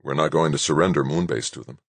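A tense moon colony chief who gives firm, clipped answers, voiced by a male narrator. The voice is extremely low and husky. It sounds dry and close to the mic. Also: fast talker, no room sound, exaggerated voice.

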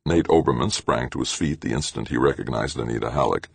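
A man reading a science-fiction audiobook in a steady, measured narration. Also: very deep voice, gravelly, slightly rough, no echo. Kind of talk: scripted narration.

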